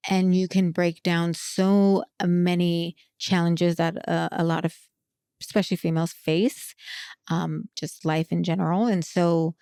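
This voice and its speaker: A woman's voice: fairly low pitch, mellow, clean tone, no room sound, studio quality. A woman in her forties hosting a podcast, chatting expressively and laughing often. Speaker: podcast host. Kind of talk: casual podcast interview.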